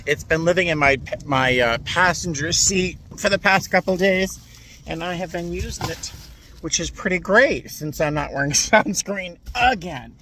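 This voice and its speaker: A man's voice: high voice, normal speed, bright, forceful tone, poor audio. Man, casual vlog chatter from the driver's seat, faint background noise. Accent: non-American accent. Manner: chatty, rambling, laughs often. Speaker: vlogger, flight attendant. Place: in a car while driving.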